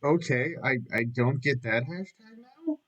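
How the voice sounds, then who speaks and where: A man's voice: medium pitch, very animated, measured pace, a bit bright, rough recording. A middle-aged man rambling through a casual vlog monologue, jokey and self-mocking, with frequent swearing. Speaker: vlogger.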